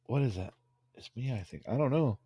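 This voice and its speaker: A man's voice: medium pitch, expressive, fairly quick, dark tone, slightly rough, no room sound. A man hosting a casual livestream, rambling crudely and reading out viewer comments. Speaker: livestream host.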